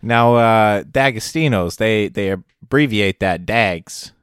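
Guy cohosting a podcast, smooth clear voice, playful, dry close sound. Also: on the low side, takes it slowly, dry recording. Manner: playful, jokes, puts on mock accents and sound effects. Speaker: podcast co-host. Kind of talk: casual chat.

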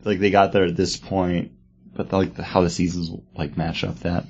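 Brief: deep-voiced man, chatty co-host, rambling and loose, dull lo-fi recording. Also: little pitch movement, moderate pace, darkish tone, breathy edge. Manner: rambling, lots of "like" fillers. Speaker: podcast co-host. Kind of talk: casual chat. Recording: dull lo-fi sound.

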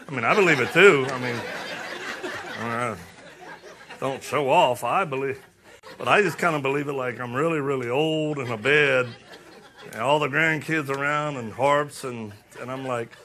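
A middle-aged man giving a sermon-style talk, joking and animated, then urgent and challenging. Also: medium pitch, moderate pace, pauses often, crowd noise. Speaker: speaker.

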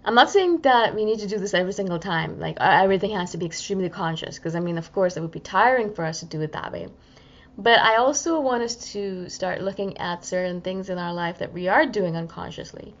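A woman's voice: medium pitch, a little fast. Chatty woman podcaster, slightly muffled audio. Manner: chatty, animated, acts out inner voices. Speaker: self-help podcaster. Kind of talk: casual reflective monologue.

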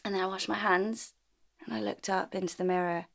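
A woman co-hosting a chatty podcast, her voice sitting at an ordinary middle pitch. She tells stories with lots of energy, breaks into laughter often, and acts out her own lines as she goes. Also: fairly even intonation, a little fast, vocal fry. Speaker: podcast co-host. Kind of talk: casual chat.

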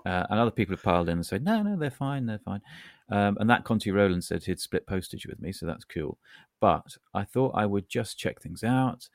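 A man's voice: sits low, brisk, no room sound, studio quality. A man co-hosting a casual podcast chat, talking in a wry, rambling, self-deprecating way. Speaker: podcast co-host.

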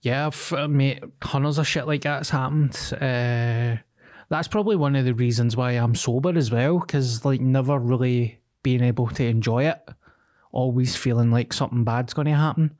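A man's voice: medium pitch, moderate pace, darkish tone. Rambling Glaswegian man sharing stories. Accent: Scottish, Glaswegian. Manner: rambling, confessional storytelling. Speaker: podcast co-host. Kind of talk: casual chat.

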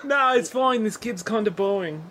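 A woman's voice: medium pitch, lively intonation, moderate pace, a bit bright, a little hiss or hum. A woman as a player in a tabletop game, teasing and asking puzzled questions. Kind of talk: casual tabletop play.

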